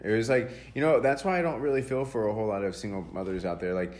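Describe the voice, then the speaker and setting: Low-voiced, profane young man telling stories. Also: quick pace, hardly any pauses. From Texas. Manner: profane, animated storytelling. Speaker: podcast host. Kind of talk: casual podcast chat.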